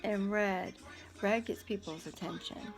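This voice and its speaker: A woman's voice: medium pitch, measured pace, music in the background. A woman telling a story to her viewers in a blunt, indignant, talkative way. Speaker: vlogger. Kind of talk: casual storytelling to camera.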